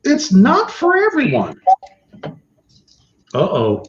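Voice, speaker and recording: A man's voice: extremely high pitch, wildly swooping pitch, takes it slowly. A man hosting a casual livestream, reading viewer comments aloud, swearing freely and laughing often. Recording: roomy, slightly dull sound.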